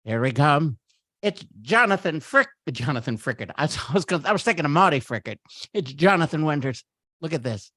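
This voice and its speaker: A man's voice: a little high, very animated, brisk, a bit bright, no room sound. A man putting on a campy male comedian's voice while hosting a party and gushing over a photo slideshow. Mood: gleeful, gushing. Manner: gushing, giggly, chatty asides. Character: campy middle-aged male comedian impression. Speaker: party host. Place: virtual party at home.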